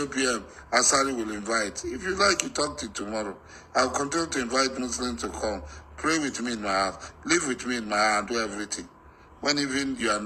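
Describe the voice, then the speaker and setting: Forceful defiant man, sharp bright voice. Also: medium pitch, slight background noise, low-quality recording. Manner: forceful, repetitive, defiant, rising to shouts. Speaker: political activist. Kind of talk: heated monologue.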